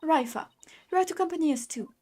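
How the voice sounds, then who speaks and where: Stately queen, haughty and grand, a woman doing the voice, pitched a touch high. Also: fast, mellow, natural voice. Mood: regal. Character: haughty regal queen, middle-aged woman.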